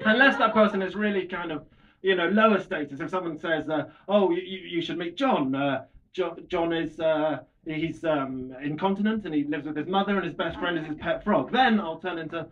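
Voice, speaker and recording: This stand-up comic, slightly high and a bit bright in voice, delivers a shy, self-deprecating set full of halting restarts at a small comedy bar. Audience laughter fills the lo-fi club recording.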